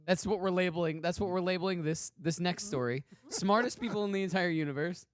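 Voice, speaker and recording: A man's voice: high-pitched, brisk. A man hosting a pop culture talk show, jokey and leading each story in casual chat. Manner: jokey, leads the segments.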